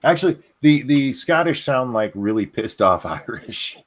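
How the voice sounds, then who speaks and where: A man co-hosting a casual livestream chat, with dry, deadpan jokes and loose asides. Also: mid-range voice, normal speed. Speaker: podcast co-host.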